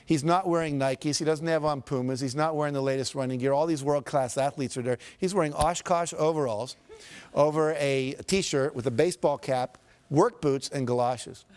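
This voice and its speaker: Giving a motivational seminar talk, a man with a slightly high, a little mellow voice speaks at normal speed. He tells stories to the audience, shifts into the characters he quotes, and repeats points for emphasis.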